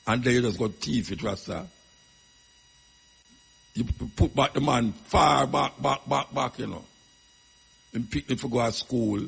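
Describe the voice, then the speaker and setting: A Jamaican man speaks on a radio talk show in a gravelly, husky voice. He rambles through stories in patois, leaning on emphatic asides, and a long reverb trails his words. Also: mid-range voice, unhurried, pauses often, a bit bright.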